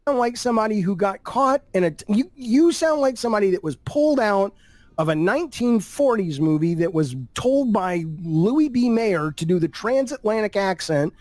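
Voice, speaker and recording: A man in a played clip giving a quick, mocking opinion monologue, rushing and correcting himself mid-sentence. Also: high voice, lively intonation, darkish tone, no echo. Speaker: clip of a YouTuber being reacted to.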